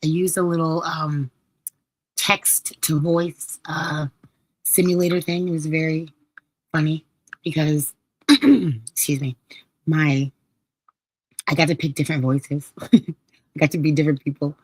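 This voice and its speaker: A woman hosts her live podcast in a low, slightly hoarse voice. She chats casually and laughs as she tells stories with playful quoted asides. The close mic gives a dry sound with no room echo. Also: steady tone, measured pace, pauses often. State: hoarse, recovering voice. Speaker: podcast host. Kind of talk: casual live-stream chat.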